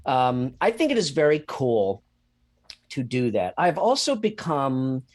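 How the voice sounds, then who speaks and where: Man, casual podcast co-host and game master, lively rambling delivery full of caveats. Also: medium pitch, unhurried. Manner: rambling, hedging, laughs often, swears. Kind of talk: casual chat.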